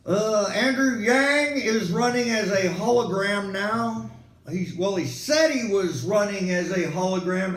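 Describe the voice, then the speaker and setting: A man hosting a rambling comic monologue as a weatherman, full of sarcastic, digressive rants. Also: sits high. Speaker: comedic weatherman host. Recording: echoey room.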